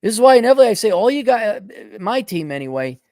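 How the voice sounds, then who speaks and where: Man, host of a blunt advice talk, sarcastic and profane, slightly high voice, dry close sound. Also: big pitch swings, fast, darkish tone, dry recording. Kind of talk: advice monologue.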